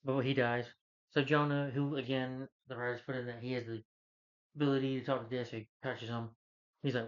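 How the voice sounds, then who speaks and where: Male reviewer, average pitch, rambling casual recap rant, muffled lo-fi sound. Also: level tone, fairly quick. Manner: rambling, loose retelling full of "he's like". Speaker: movie reviewer. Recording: dull lo-fi recording.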